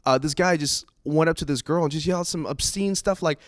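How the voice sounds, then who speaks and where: A man doing a stand-up comedy set, telling stories in an animated way and jumping into put-on voices. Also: fairly high pitch, a little fast, dry recording, clean studio sound.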